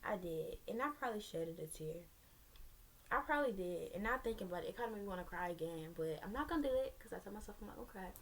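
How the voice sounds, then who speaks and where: A woman's voice: medium pitch, expressive, fast, a bit bright. A young woman telling a personal story to her viewers in a candid, rambling way, with sassy asides. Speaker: vlogger.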